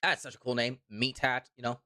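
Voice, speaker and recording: A man's voice: mid-range voice, flat delivery, brisk, pushed and bright, no echo, clean studio sound. A man streaming live, chatting casually and reading viewer comments, rambling and repeating himself with mock indignation. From Canada.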